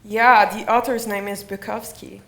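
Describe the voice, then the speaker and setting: A woman's voice: medium pitch, steady tone, normal speed, fairly bright tone, lightly acted. A woman playing an eager, whiny teenage daughter, in stage play acting. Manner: whiny, pleading.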